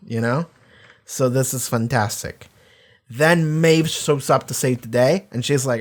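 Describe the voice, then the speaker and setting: A man in a casual video reaction, talking through a TV episode at an ordinary, mid-range pitch. He rambles and restarts as he gets excited, and he swears freely between his points. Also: moderate pace. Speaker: TV reaction YouTuber.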